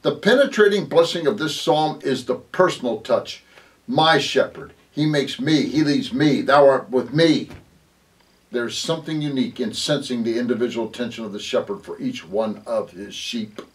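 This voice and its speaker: A man, a pastor, giving a devotional Bible talk, reading scripture slowly and dwelling on single words, with many small fillers. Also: mid-range voice, distant mic. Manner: reads scripture aloud, lingers on words, with fillers.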